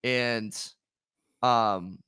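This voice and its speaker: A young adult man co-hosting a casual sports podcast, telling a story in an animated way with laughter. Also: mid-range voice, drawn-out words, clean tone, dry recording, studio quality. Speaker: podcast co-host. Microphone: headphones and podcast mic.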